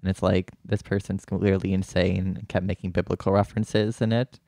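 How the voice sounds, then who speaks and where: A man's voice: low voice, flat delivery, brisk, vocal fry, mellow, no echo, studio quality. A man co-hosting a podcast in casual comedic chat, chatty and laughing, with many fillers. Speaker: podcast co-host.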